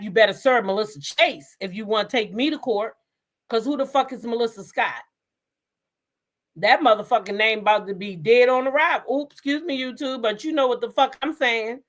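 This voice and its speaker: A woman's voice: a little high, normal speed, fairly bright tone. A woman hosting a gossip live stream, talking bluntly and profanely and laughing often. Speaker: host of a gossip show. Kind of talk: casual live-stream commentary.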